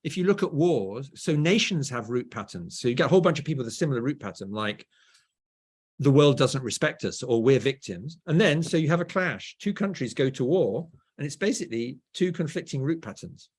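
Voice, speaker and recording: Mid-pitched middle-aged English male guest, BBC southern accent, anecdotal and chatty. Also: lively intonation, brisk, husky. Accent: southern English, BBC-style. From England. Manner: storytelling, often adds "right?". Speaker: guest author. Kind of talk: conversational interview.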